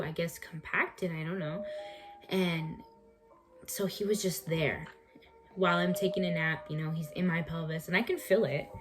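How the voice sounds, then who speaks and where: A young woman in a home vlog, recounting a personal story in a chatty, emphatic way and repeating words for effect. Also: lowish voice. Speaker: vlogger.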